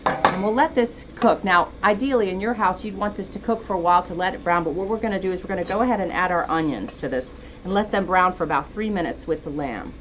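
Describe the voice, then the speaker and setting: A woman's voice: on the low side, quick pace, a bit bright, a little hiss or hum. A woman guest chef giving a chatty cooking demonstration in a TV studio kitchen, explaining each step as she goes.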